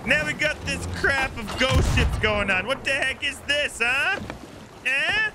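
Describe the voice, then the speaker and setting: Excitable male streamer, high, lively voice, yells at the game over loud sea and boat sounds. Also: measured pace, background noise. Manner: excitable, yelps and shouts at the game. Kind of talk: live gameplay commentary.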